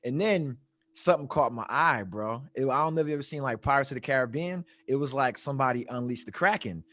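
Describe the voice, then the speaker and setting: A man telling a long story in casual chat, animated and profane, often laughing at his own tale. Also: medium pitch, fast talker, no echo. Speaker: podcast storyteller.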